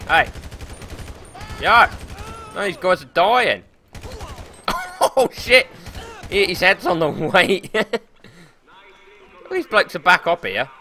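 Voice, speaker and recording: A young man streaming a game live, commentating excitably with frequent swearing and laughter into a desk or headset microphone. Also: fairly high pitch, a little slow, long pauses. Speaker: gaming streamer.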